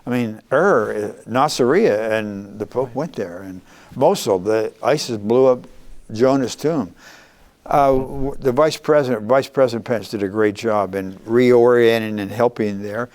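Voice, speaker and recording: Earnest older man, halting. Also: medium pitch, darkish tone. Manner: earnest, halting, many restarts. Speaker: former congressman, guest. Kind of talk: interview.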